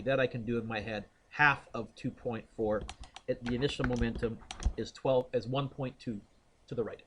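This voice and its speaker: A man's voice: mid-range voice, fairly quick, fairly bright tone, a little hiss or hum. Man thinking aloud through physics problems. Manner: thinks aloud, quizzes students by name. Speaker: physics teacher. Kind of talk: classroom lecture working problems aloud. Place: classroom.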